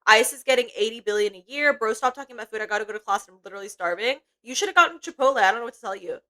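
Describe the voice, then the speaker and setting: Chatty, bright-voiced young woman streamer. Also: fairly high pitch, lively intonation, rapid-fire, rough recording. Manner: rambling, swears a lot, filler-heavy. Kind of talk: casual livestream chat. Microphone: desk mic while eating.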